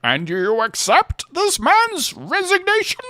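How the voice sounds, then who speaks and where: A man doing an impression of a hulking masked male villain, speaking in a slow, theatrical cadence that swoops up and down. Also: very high voice, huge pitch swings, pushed and bright, no room sound, clean studio sound, pitched above the performer's own voice, full character voice. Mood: menacing.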